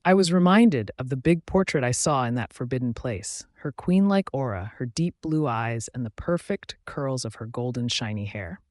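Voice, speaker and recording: Male narrator reading a romance novel aloud, soft and even, mid-pitched, dry close sound. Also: moderate pace, hardly any pauses, dry recording. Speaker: audiobook narrator. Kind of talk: scripted narration.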